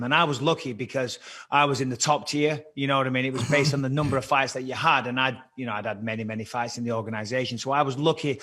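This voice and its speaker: This podcast guest is a former fighter with a Liverpool accent who tells rambling stories full of swearing. Born on a British army base in Cyprus and raised in England, he chats casually in a mid-range voice with a bright, forceful tone.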